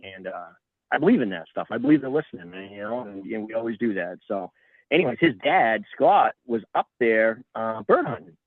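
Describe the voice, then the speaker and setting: A man's voice: fairly low pitch, a little fast, no room sound. Middle-aged man telling stories over a tinny line. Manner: animated, acts out quoted voices. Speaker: guest. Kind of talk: casual storytelling. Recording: tinny phone-like line, dry.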